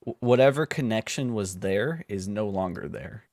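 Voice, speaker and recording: A man narrating a tabletop role-playing game as game master, animated and quick to laugh. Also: on the low side, no echo.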